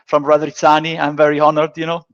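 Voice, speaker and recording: A man hosts a casual football podcast in a gravelly, fairly high voice that barely rises or falls. He stumbles and repeats words with a joking air. The sound is dull and lo-fi. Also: completely flat delivery. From Italy. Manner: halting, repeats words, jokey. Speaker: podcast host. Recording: dull lo-fi audio.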